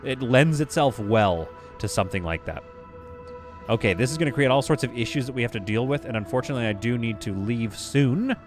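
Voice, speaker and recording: A man's voice: mid-range voice, animated, a little fast, music in the background. A man casually talking through a game on a live stream, reading viewer comments aloud. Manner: casual, chatty, reads chat aloud.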